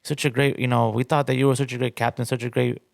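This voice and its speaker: A man's voice: mid-range voice, flat delivery, fast talker, vocal fry, no echo, clean studio sound. A man co-hosting a podcast in casual sports chat, blunt and exasperated, repeating his points. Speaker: podcast co-host.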